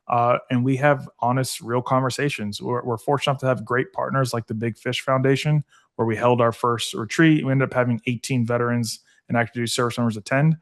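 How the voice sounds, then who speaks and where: A man's voice: medium pitch, steady tone, fairly quick. A man speaking as a podcast guest in casual conversation, earnest and heartfelt, with lots of "like" and "uh". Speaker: guest, veterans foundation founder.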